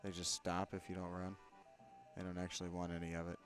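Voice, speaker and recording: A man's voice: low-pitched, completely flat delivery, quick pace, soft background music. A man casually commenting on a game he plays, with dry sarcastic asides. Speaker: let's play commentator.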